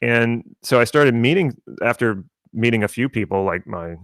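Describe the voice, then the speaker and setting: An NLP coach from rural South Louisiana, with a mostly neutral General American accent, rambles conversationally on a live stream, restarting often. His mid-range voice has lively intonation and a moderate pace, on a dry, clean studio recording.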